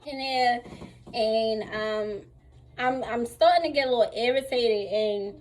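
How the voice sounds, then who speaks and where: A young woman, telling a lively storytime about her surgery recovery at home while still a little sore. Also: fairly high pitch, a little slow, slight background noise. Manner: chatty, animated retelling with acted-out quotes. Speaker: vlogger. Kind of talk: casual storytime while getting dressed.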